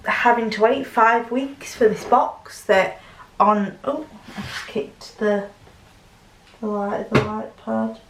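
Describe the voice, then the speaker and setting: Rambling woman chatting in a roomy space. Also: mid-range voice. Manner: rambling, fast-talking. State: runny nose. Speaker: crafting vlogger. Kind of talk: casual chat while crafting. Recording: roomy, distant from the mic.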